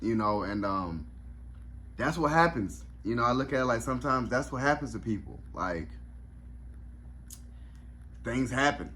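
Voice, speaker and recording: A man's voice: medium pitch, lively intonation, unhurried, long pauses, sharp tone, slight background noise. A man reviewing a comedy special in a casual vlog, reflective and openly emotional, with lots of fillers and restarts.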